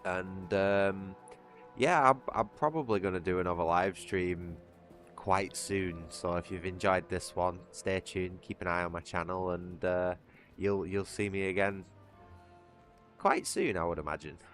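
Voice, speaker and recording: A man's voice: deep voice, steady tone, a little slow, a bit bright, soft background music. A British man chatting casually on his gaming livestream, rambling with restarts and little chuckles. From Britain. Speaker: streamer.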